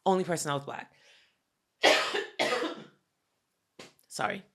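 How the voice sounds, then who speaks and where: A woman's voice: low voice, slow, creaky. A woman co-hosting a podcast, telling a story in casual chat, acting out what people said and swearing freely. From Haitian family. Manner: animated, swears a lot, acts out quotes. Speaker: podcast co-host.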